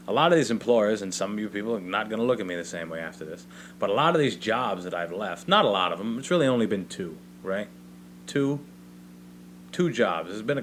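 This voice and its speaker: A man's voice: on the low side, a bit bright, a little hiss or hum. A young adult man hosting a solo podcast, telling a rambling, profane comedic story in casual speech. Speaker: podcast host. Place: home basement.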